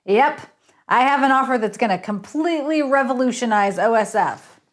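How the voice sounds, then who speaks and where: A woman voicing a smug, pompous, portly male hotel owner who talks in a booming, showy way. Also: expressive, normal speed, close to an everyday voice.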